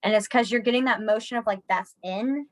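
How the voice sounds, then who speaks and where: Slightly high and slightly fast, a young woman's voice comes through poor audio as she instructs a casual online sign language class. She's talkative and self-mocking, and gets animated when students try the signs.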